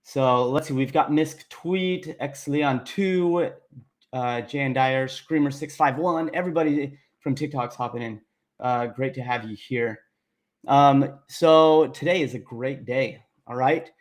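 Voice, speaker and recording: A man's voice: medium pitch, measured pace. A young man, a coding instructor, hosting a casual livestream and chatting upbeat with viewers, reading their names aloud.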